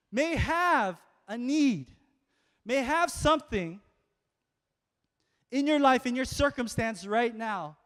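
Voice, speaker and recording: High-pitched preacher, slow sermon pace, reverberant church hall. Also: male voice. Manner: calls to the congregation, loud rising exhortation. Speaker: pastor.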